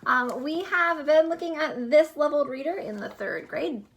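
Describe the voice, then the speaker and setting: A woman teacher recording a distance-learning lesson for young students, deliberate and encouraging with gentle teasing. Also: high voice.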